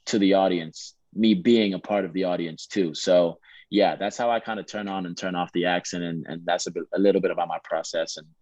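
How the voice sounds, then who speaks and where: A man from England with a low, deep voice talks in a put-on American accent. He answers questions in a loose, rambling way. The sound is dry and slightly muffled. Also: brisk, no echo. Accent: American (put on, Detroit-leaning). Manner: relaxed, rambling with many fillers and restarts. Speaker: actor, interview guest. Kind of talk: casual interview answers.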